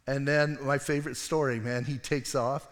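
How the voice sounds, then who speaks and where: A male pastor preaching a sermon as casual, animated storytelling full of slang and asides. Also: medium pitch, moderate pace, long reverb tail.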